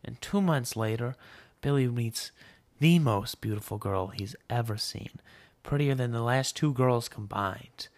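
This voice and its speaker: A man hosting a podcast, telling a rambling comic story in a deadpan way. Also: medium pitch, a little slow. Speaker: podcast host.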